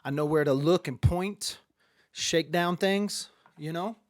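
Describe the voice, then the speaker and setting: A livestream host chats slowly and rambles through stories to his live audience, his voice a little high for a man. A webcam or phone camera right in front of him captures close, dry sound with no room echo.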